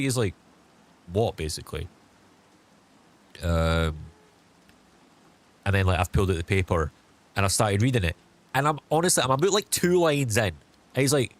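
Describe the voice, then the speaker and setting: A young man chats to his viewers as a streamer, recounting a story in a loose, meandering way. His voice sits a little low, and he leans on "like" and "um" as he goes. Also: expressive, a little fast, pauses often. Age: young adult. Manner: rambling, full of fillers like "like" and "um". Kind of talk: casual storytelling.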